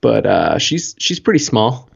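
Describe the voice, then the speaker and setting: A man with a Canadian accent in casual podcast chat, making dry, deadpan jokes. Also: medium pitch, unhurried, gravelly, husky. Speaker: podcast co-host. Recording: dull lo-fi audio.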